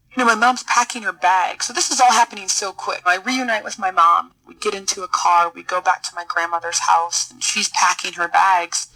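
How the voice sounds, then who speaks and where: Middle-aged woman on a podcast, bright tense voice, earnest, stops and restarts a lot. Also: fairly low pitch, creaky, rough recording. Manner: earnest, halting, repeats words while searching for them. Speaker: podcast guest, military officer. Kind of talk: personal storytelling in an interview.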